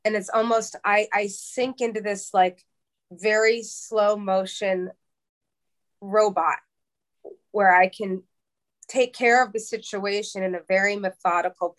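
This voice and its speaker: Halting, heartfelt woman from New York. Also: medium pitch. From New York, USA. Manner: halting, many restarts and repeated words. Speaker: interview guest. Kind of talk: candid emotional interview talk.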